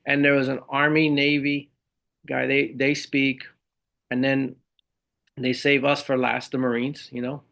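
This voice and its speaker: Middle-aged male veteran guest with a gravelly edge, lively and conversational. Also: medium pitch, measured pace. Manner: animated storyteller who acts out the voices of others. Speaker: guest, motivational speaker and Marine veteran. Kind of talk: conversational interview storytelling.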